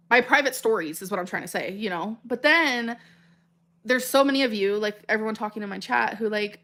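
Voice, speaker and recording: A woman's voice: mid-range voice, sharp tone. Rambling, emotional woman livestreamer. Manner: rambling, stumbling over words, filler-heavy; emotional and earnest. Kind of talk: casual livestream chat, reading comments.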